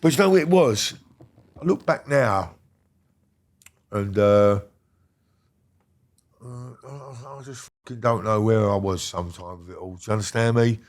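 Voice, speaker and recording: Blunt, low-voiced man. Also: animated, a little slow, long pauses. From Britain. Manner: blunt, rambling, heavy swearing, checks in with the listener. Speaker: guest recounting a criminal past. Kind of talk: casual storytelling conversation.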